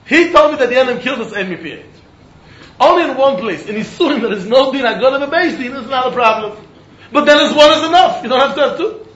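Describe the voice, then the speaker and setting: High bright voiced guy w tinged teaching talmud, echoey room, kinda muffled. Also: fast talker. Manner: animated, repeats words while thinking, laughs often. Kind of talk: Talmud study lecture. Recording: roomy, muffled recording with faint background noise.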